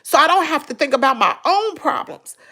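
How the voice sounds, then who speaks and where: Southern woman, middle-aged, high gravelly voice, tearful personal vlog talk, sighing. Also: lively intonation, a little fast, bright, forceful tone. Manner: tearful, sighing, breaking into crying. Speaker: vlogger.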